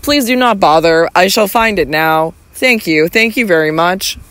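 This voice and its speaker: A man's voice: high voice, moderate pace, fairly bright tone, smooth, no echo. A man reading the part of a shy young painter, hesitant and politely apologetic. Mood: awkward.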